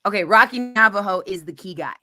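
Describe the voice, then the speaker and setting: A woman hosting a casual chat, excitable and rambling, with lots of "like" as she talks. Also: medium pitch, fast talker. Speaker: host.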